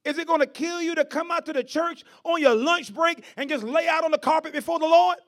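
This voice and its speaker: A man preaching a fiery sermon, stammering and repeating words as he builds to shouts, calling out to members of the congregation. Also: very high-pitched, fairly quick.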